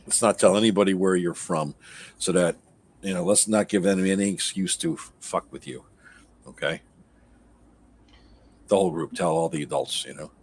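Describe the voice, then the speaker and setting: Very deep-voiced tabletop player. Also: male voice, moderate pace, long pauses, a little hiss or hum. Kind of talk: casual tabletop play.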